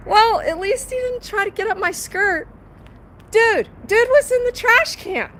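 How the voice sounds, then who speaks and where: A woman's voice: very high voice, a little slow, fairly bright tone. A woman live-streaming outdoors on a phone, chatting casually, cursing freely and laughing a lot. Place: outdoors at night by a building.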